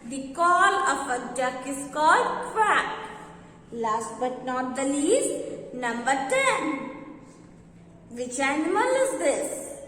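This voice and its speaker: A woman's voice: high voice, very animated, slow pace, a bit bright, slight background noise. A woman teaching young children, spelling words out letter by letter and repeating each answer twice. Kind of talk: children's lesson. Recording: roomy, echoing hall.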